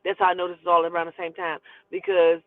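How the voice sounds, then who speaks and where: A woman telling a personal story in casual, animated, profane speech and acting out the dialogue. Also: fairly low pitch, fast. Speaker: storyteller host. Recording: dry, phone-like thin sound.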